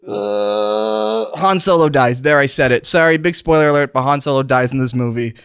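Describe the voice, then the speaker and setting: A man's voice: medium pitch, quick pace, fairly bright tone, clean tone, no echo, studio quality. A man hosting a comedy podcast, playing out a mock death scene while talking, pained and strained, trailing off and restarting mid-sentence. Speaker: podcast host. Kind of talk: comedic improvised monologue. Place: recording studio. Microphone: studio microphone.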